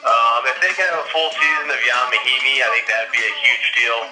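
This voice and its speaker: A man's voice: medium pitch, brisk, over music. Casual man chatting sports, echoey room. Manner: relaxed, laughs often, hedging. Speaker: podcast co-host.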